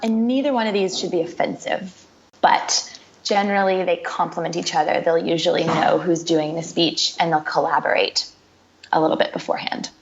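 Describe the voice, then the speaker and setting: A woman's voice: fairly low pitch, steady tone, normal speed. A woman guest in a casual interview, explaining things in a chatty way with frequent repeats. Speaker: podcast guest. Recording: dull lo-fi sound.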